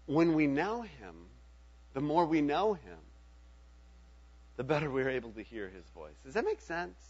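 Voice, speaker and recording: A man's voice: fairly high pitch, sing-song, measured pace, slightly rough, dull audio. A middle-aged man preaching a sermon in a conversational way, often checking in with his listeners. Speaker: pastor.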